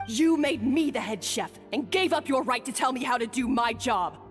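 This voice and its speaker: An actress voicing a bossy, defensive young head chef in a game, speaking in a sharp way. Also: female voice, on the high side, normal speed, lightly acted. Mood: indignant. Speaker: game character. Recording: game audio with light reverb and faint music.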